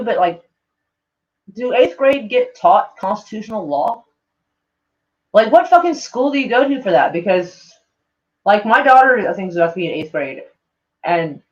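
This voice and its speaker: A woman's voice: medium pitch, highs cut off. A woman live-streaming in a casual chat, reading tweets aloud to her viewers, swearing freely and laughing often.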